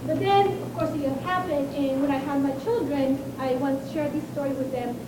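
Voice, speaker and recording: A woman in the audience sharing a personal story, halting and reflective. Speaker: audience member. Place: conference hall. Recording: distant, echoey hall with rumble.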